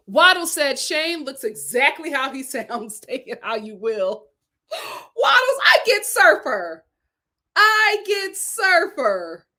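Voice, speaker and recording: Chatty woman host, animated and bubbly. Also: high voice. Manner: animated, chatty, laughs often. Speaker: YouTube show host reading super chats. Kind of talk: casual livestream chat.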